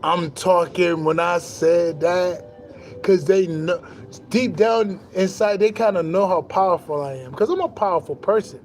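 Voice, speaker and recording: Boastful high-voiced man ranting about truth. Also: measured pace, faint music behind. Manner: boastful, animated street slang, swears freely; laughs between lines. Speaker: spiritual vlogger. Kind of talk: casual monologue to camera.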